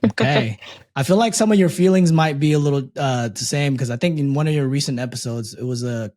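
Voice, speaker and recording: A man co-hosting a casual podcast, reading a post aloud in a steady, measured way and chatting between reads. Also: mid-range voice. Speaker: podcast co-host reading a story.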